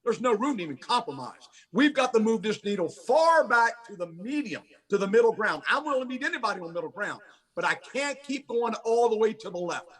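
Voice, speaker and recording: A man speaks as a podcast guest, forceful and insistent. His voice sits high for a man and sounds husky. He is picked up from a little way off the microphone. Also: very animated, brisk, distant mic. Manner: forceful, emphatic repetition. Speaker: county sheriff, guest. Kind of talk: podcast interview.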